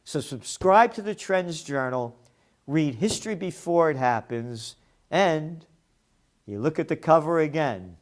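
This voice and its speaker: A man's voice: fairly high pitch, animated, a little slow. Blunt, profane man ranting on the news. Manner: blunt, profane and sarcastic, with heated outbursts. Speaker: host of a trends commentary show. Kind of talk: opinionated news commentary.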